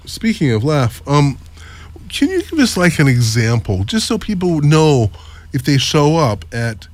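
A man interviewing a guest in a casual talk, speaking in a hesitant, measured way. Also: fairly high pitch, huge pitch swings, no room sound.

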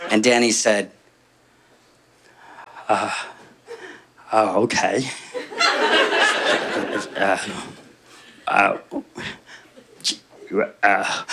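A slightly high-voiced man telling a stand-up story in a hesitant, deadpan style, piling up fillers and pauses. Clear background noise sits under his voice. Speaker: comedian.

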